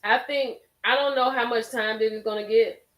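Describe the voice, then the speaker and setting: A woman's voice: fairly high pitch, steady tone, moderate pace, a bit bright. A woman hosting a casual live stream, reacting expressively and talking straight to her chat. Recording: roomy echo.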